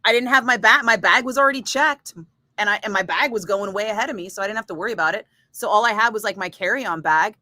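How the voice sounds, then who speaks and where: A woman radio DJ chatting casually with viewers, telling a story in a lively, swearing style and acting out the other people's lines. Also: medium pitch, fast, no echo, studio quality. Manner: chatty storyteller, swears freely, acts out voices. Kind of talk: casual chat.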